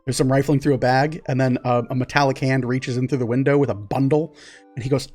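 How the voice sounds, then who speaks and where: A man's voice: mid-range voice, fairly even intonation, fast talker, a little mellow, faint music behind. A man narrating as game master of a tabletop game, rambling with many fillers.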